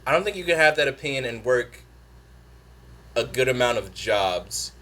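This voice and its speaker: A man's voice: medium pitch, lively intonation, a bit bright. A man co-hosting a podcast in casual chat, swearing a lot and laughing often. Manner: profane, laughing, quick asides. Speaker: podcast co-host.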